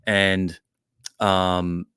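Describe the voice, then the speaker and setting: A man with a fairly low voice hosts a casual podcast movie review. He rambles and trips over his own words, throwing out blunt opinions. The sound is dry and close, with no room echo. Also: little pitch movement, very slow, bright, forceful tone, clear, resonant tone. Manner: rambling, opinionated, many restarts and fillers. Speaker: podcast host.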